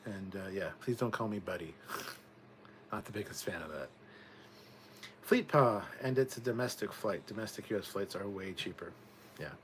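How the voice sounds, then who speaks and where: A man's voice: lowish voice, animated, moderate pace, long pauses, a little hiss or hum. A man hosting a casual livestream, reading viewer comments aloud and rambling on in chatty asides, swearing now and then. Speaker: livestream host reading chat.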